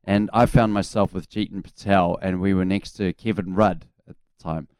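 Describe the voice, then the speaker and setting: A man's voice: low voice, fairly even intonation, normal speed, a little mellow, smooth, no echo, studio quality. A man in his forties with a New Zealand accent, a former cricketer telling laid-back anecdotes as a guest on a casual radio chat.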